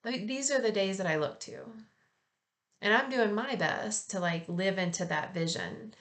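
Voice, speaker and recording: A woman hosting a casual spiritual reflection in a relaxed, chatty way, gently encouraging her listeners and laughing at herself now and then. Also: medium pitch, normal speed. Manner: relaxed and chatty, with frequent fillers.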